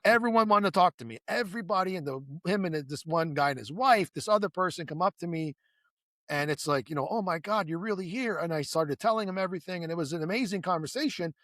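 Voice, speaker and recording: A man with a fairly high voice tells a long story in an easygoing, conversational way. He restarts sentences, adds asides and acts out quoted lines, and the sound is close and dry. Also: fast, no room sound. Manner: animated storyteller who acts out quoted dialogue; rambling with many restarts and asides. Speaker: guest.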